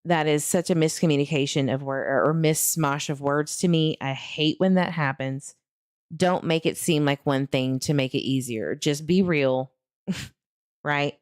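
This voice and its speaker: Woman, true crime host, casual chat, frustrated, low pitch, dry close recording. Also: unhurried, darkish tone, clean tone, no room sound. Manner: frustrated, talks to viewers, laughs between remarks. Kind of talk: casual chat to viewers while searching online.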